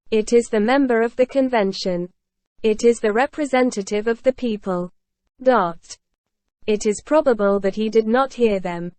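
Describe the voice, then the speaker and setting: A woman reads a classic novel aloud at a steady, measured pace. Her voice sits in a middle pitch range. The sound is close and dry, with no room around it. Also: dry recording. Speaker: audiobook reader. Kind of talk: scripted narration.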